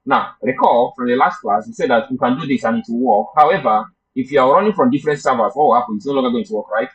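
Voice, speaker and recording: Speaking fast in a slightly rough, mid-range voice, a man runs a live coding class. He debugs while thinking aloud and chats with his students, and the class recording is muffled and lo-fi.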